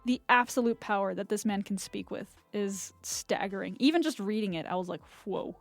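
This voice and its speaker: A woman's voice: mid-range voice, normal speed, dry recording, studio quality, faint music behind. A young woman host reading scripture aloud and chatting enthusiastically about it, with lots of "like" fillers. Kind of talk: scripture reading with casual commentary.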